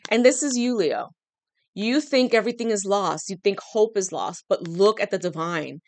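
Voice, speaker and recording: A woman's voice: mid-range voice, expressive, normal speed, dry recording. A woman giving a channeled tarot reading, talking straight to the listener in an emphatic, coaxing way, her throat dry. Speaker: tarot reader.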